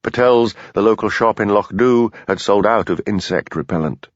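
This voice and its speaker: A man narrating an audiobook in a measured, expressive reading. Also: lowish voice, dry recording. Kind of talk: scripted narration. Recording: dull lo-fi dry studio recording.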